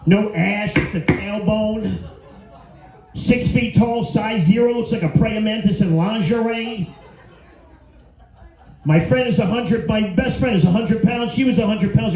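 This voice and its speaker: Brash stand-up comic, high voice. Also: male voice, measured pace, a little mellow. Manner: crude, brash crowd-work delivery. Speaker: stand-up comedian. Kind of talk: stand-up set. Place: comedy venue before a live audience. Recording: roomy, dull live club recording.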